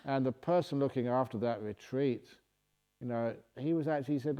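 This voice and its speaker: A man's voice: mid-range voice, fairly quick, clean tone, highs cut off. A man who is a Buddhist monk answers retreat questions in a humorous, playful way. He reads each question aloud, then jokes his way into the answer. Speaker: Buddhist monk and meditation teacher.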